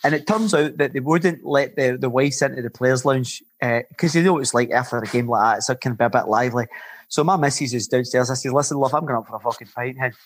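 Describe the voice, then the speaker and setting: A middle-aged man, a former footballer turned coach, telling swearing, animated stories with laughter on a podcast. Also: mid-range voice, brisk. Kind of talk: podcast storytelling.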